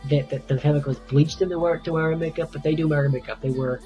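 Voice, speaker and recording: A man's voice: on the high side, fairly even intonation, fast, dark tone, soft background music, poor audio. A man giving a casual, enthusiastic movie review in a rambling, stop-start way.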